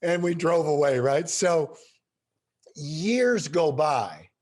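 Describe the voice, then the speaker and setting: A middle-aged man telling stories as an interview guest, animated and emphatic. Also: on the high side, slow pace. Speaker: guest speaker. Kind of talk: storytelling in a podcast interview.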